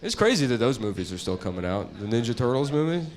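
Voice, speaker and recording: A middle-aged man doing stand-up comedy, riffing crudely in a deadpan way that sinks to mutters. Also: mid-range voice, quick pace, noisy background. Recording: audience laughter behind. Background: crowd laughing.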